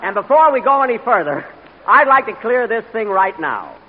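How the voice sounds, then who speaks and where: A man hosting a live radio comedy show, talking with an indignant, halting manner full of uh's. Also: high voice, very animated, narrow, tinny audio. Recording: crackly 1940s radio broadcast with live audience.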